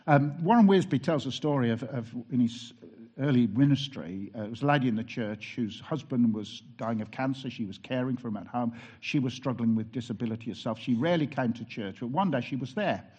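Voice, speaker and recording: A man's voice: medium pitch, lively intonation, a little fast, darkish tone, slightly rough, dull audio. A man, a pastor preaching a sermon and telling personal stories in an earnest way, with wry asides and frequent restarts.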